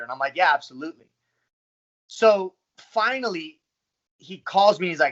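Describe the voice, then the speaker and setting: A man in his thirties, a professional fighter, telling his story in a casual, profane, animated way. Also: high voice, normal speed, highs cut off. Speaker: pro fighter. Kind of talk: casual interview talk.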